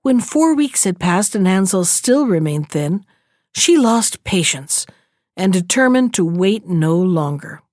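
A woman reading a fairy tale aloud in a measured, expressive storytelling manner. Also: mid-range voice, dry recording, clean studio sound.

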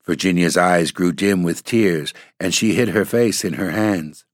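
Deep-voiced man reading a story. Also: measured pace, dry recording, clean studio sound. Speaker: narrator.

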